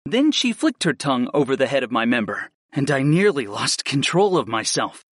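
A man reading a first-person story aloud in a steady, measured narration style. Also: mid-range voice, breathy edge, no room sound, studio quality. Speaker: audiobook narrator.

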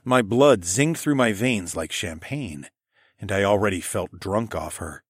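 A man narrating a first-person fantasy romance audiobook in an expressive storytelling manner. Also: on the low side, measured pace, breathy edge, dry recording, studio quality.

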